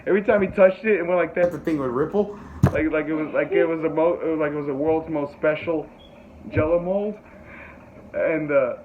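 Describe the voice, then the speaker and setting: Rambling man telling a story over a tinny line. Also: normal speed. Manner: animated, rambling, profane, acts out quotes in high yelps. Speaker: podcast host. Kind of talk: casual storytelling chat. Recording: tinny phone-like sound with faint noise.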